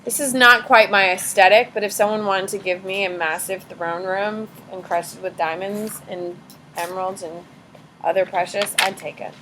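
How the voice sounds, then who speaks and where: A woman's voice: medium pitch, fairly even intonation, normal speed, noisy background. A woman teacher giving a casual classroom lecture, chatty and sarcastic, swearing offhandedly as she talks to students.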